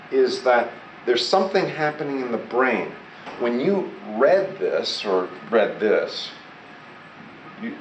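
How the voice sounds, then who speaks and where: A male teacher leads a classroom lesson, drawing answers and repetitions out of his students at an unhurried pace. He is heard from across an echoing room, with clear background noise throughout. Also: lowish voice. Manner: prompts students to repeat and answer. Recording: echoey classroom recorded from far off with loud background noise.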